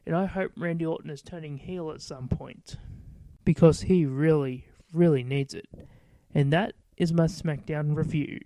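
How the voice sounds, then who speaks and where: A man's voice: a little high, dark tone, no room sound. A man hosting his own show, giving a casual, blunt wrestling review and swearing freely. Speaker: podcast host.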